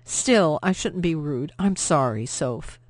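A woman's voice: low voice, lively intonation, slow pace, no echo, exaggerated voice. Brief: defiant, sardonic young woman, read by a narrator, dry close sound. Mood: defensive. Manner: sharp, sardonic.

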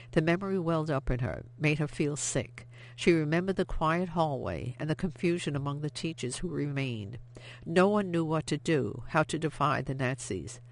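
An audiobook narrator reading a novel aloud in steady, expressive scripted narration. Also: mid-range voice, normal speed, creaky.

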